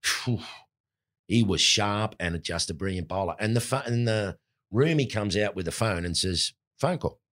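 A deep-voiced Australian man in his sixties recounts his early sporting career with lively, animated storytelling. His voice sits low and he tells each anecdote with energy. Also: moderate pace. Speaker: former cricketer, guest. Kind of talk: storytelling interview.

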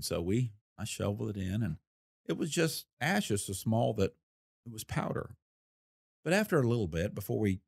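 A man with a slightly low voice recounts an old investigation in an interview, folksy and plain-spoken. He acts out the people he quotes. The recording is close and dry, with no room echo. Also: gravelly, darkish tone. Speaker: former federal investigator recounting a case. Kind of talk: storytelling in an interview.

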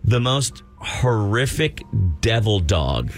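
A man's voice: lowish voice, takes it slowly, soft background music. A man co-hosting a talk show, telling a long funny story in casual chat and acting out the voices of the people in it. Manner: animated storyteller, acts out quoted voices. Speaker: radio show co-host.

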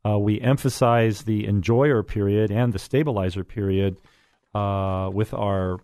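A man's voice: lowish voice, fairly even intonation, unhurried, darkish tone, no room sound. Chatty middle-aged man hosting radio. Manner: folksy and chatty, with many fillers. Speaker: radio real estate show host. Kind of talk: casual radio talk show chat. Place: radio studio.

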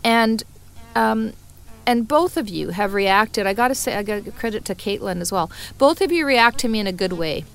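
A woman's voice: mid-range voice, expressive, moderate pace, vocal fry. A middle-aged woman co-hosting a podcast, talking earnestly in casual heartfelt chat, often restarting her sentences. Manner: earnest, restarts and repeats words. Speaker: podcast co-host.

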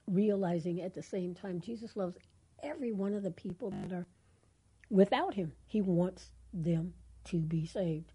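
A woman's voice: medium pitch, normal speed, mellow, slightly rough. A middle-aged woman co-hosting a Christian call-in radio show, talking earnestly and encouragingly. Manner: earnest, encouraging, laughs easily. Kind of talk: faith talk radio chat.

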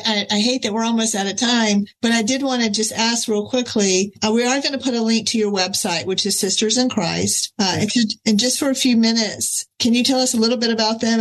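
A woman hosts an interview with a mid-range voice. She speaks in a measured, reflective way and encourages her guest as she sums up what was said. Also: medium pitch, rough recording. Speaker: host. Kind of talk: conversational interview.

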